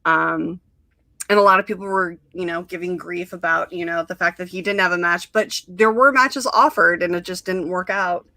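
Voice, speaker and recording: A young woman hosts a casual chat, talking in a bright, forward voice. She rambles warmly through stories with plenty of fillers and acted-out quotes. The sound is close and dry, with no room around her. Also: lowish voice, fairly even intonation, normal speed, no room sound. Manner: chatty, many fillers and quoted asides. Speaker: podcast host.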